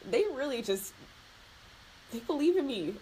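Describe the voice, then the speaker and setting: A woman's voice: high voice, big pitch swings, measured pace, dark tone, slight background noise, rough recording. A young woman, a beauty vlogger, chatting loosely while she does her makeup. She sounds heartfelt and close to tears, with lots of fillers and laughter. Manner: emotional and heartfelt, near tears. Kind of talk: casual chat while doing makeup.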